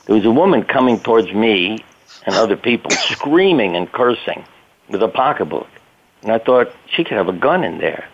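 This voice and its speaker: An older man's low, steady voice comes down a thin, phone-like line. He tells his stories in a relaxed way as a guest, chuckling now and then and voicing the people in them. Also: normal speed, breathy edge. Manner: conversational storyteller, chuckling, acts out quotes. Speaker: guest, doctor. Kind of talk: casual storytelling interview.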